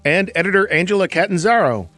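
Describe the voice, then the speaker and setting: Male podcast host, playful and self-mocking, animated delivery, dry studio sound. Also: high-pitched, fast talker, no room sound, faint music behind. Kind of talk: podcast hosting and ad read.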